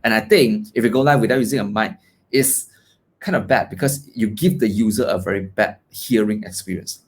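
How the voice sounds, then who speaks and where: A man's voice: on the low side, fairly quick, slightly rough. A man casually reviewing a USB desk mic at his home desk, chatty, with many fillers and a habit of tagging "right?" onto his points. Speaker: tech reviewer. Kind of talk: casual product demo. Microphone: desk USB condenser mic.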